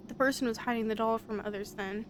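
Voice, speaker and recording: A woman's voice: on the high side, steady tone, quick pace, noisy background, lightly acted. A woman voicing an earnest, inquisitive young investigator in a visual novel. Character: polite young investigator searching for someone.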